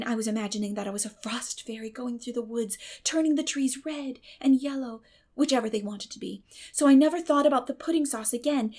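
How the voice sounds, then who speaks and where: An imaginative, chatterbox young girl pours out her tale in a storybook reading, theatrical and breathless, dropping now and then into hushed whispers, as a woman reader acts her out. The voice sits a little high for a woman. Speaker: audiobook reader. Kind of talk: dramatic audiobook reading.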